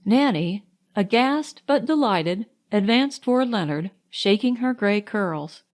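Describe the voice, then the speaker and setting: A woman narrating an audiobook with an expressive, unhurried reading. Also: medium pitch. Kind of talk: storytelling narration.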